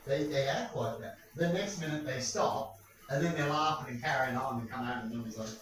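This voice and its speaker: A man's voice: medium pitch, moderate pace, a bit bright. A man ranting in a rambling monologue, crude and full of rhetorical questions. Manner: crude, rambling, keeps asking "right?". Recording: echoey room, far from mic.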